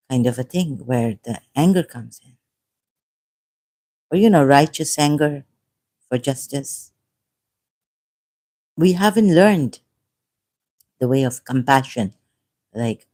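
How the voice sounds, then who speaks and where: Slow, impassioned woman, rambling monologue. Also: a bass voice, expressive, warm tone. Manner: impassioned, rambling, repeats herself. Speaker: online commentator. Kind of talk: unscripted monologue.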